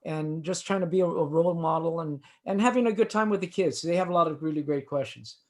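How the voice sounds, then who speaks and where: A man in his sixties from East Los Angeles, a musician guest telling a story in casual chat, rambling and halting with many restarts. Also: on the high side.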